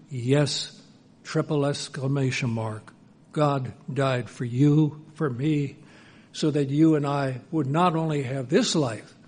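A man preaching a sermon in an earnest manner, swinging between hushed, soft passages and emphatic, raised lines. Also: a little high.

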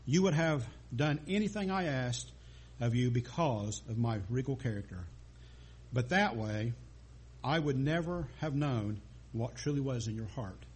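A man voicing a kindly king with a twinkle, explaining gently and slightly husky. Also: mid-range voice, animated, a little slow. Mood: gentle.

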